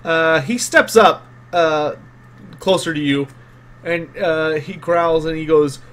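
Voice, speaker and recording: A man's voice: a little high, steady tone, slow, a bit bright. A man narrating as game master in a tabletop role-playing game, casual with many fillers.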